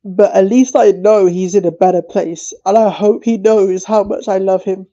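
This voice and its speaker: A tearful man streaming, speaking haltingly with repeated words and swearing. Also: high voice, fairly even intonation, warm tone, muffled recording. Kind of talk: emotional livestream talk.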